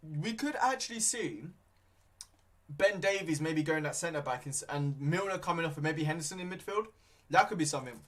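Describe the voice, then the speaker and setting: A man's voice: on the high side, expressive, fairly quick, a bit bright. A young man chatting casually about a football match during a live watchalong stream, rambling with lots of fillers and restarts. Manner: rambling, hesitant, many fillers; talking with his mouth full at times.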